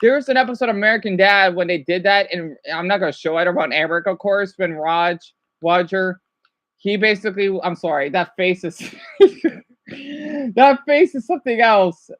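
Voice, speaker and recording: A woman's voice: mid-range voice, normal speed, no room sound, highs cut off. A woman streaming and reacting to videos in casual, rambling chat, trailing off and restarting often. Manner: chatty, trailing off and restarting, laughs easily.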